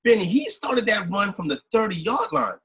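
A man with a slightly husky, raised voice chats loosely about football bets on a sports podcast. He rambles along in a relaxed way and keeps checking in with his co-host. His talk sounds easygoing and conversational. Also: sits high, normal speed, poor audio. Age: adult with kids. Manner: loose, rambling, says "you know what I'm saying" often. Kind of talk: casual sports betting chat.

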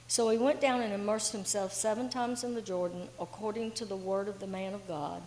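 A woman's voice: medium pitch, fairly even intonation, a little mellow, slight background noise. Woman reading scripture in an echoey church. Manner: measured, formal reading. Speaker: lay reader. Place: church sanctuary. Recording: echoey church with faint room ambience.

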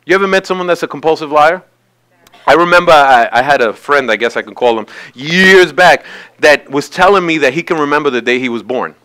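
Bright-voiced preaching man. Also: fairly high pitch, a little fast, clear, resonant tone, poor audio. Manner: conversational preaching, acts out quoted voices. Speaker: pastor. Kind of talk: sermon. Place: church.

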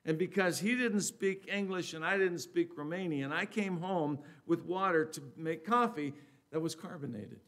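A man preaching a sermon to his church. His voice sits a little high, and he talks in a loose, conversational way, often correcting himself in the middle of a sentence. When he reads scripture aloud, he turns louder and higher. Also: normal speed. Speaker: pastor.

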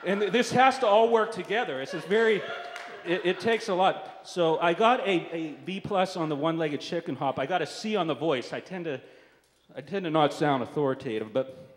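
A man's voice: on the high side, normal speed. A man performing stand-up comedy, telling a wry story with lots of asides. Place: live comedy stage. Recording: reverberant hall.

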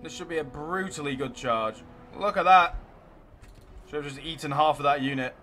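A man hosting a let's play, giving live commentary and cheering his units on excitedly. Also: fairly high pitch, normal speed.

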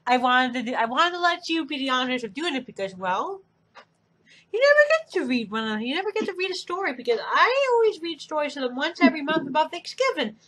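Soft-spoken woman with a high voice. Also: big pitch swings, fast talker, rough recording. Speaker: girlfriend of the reader. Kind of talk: casual chat.

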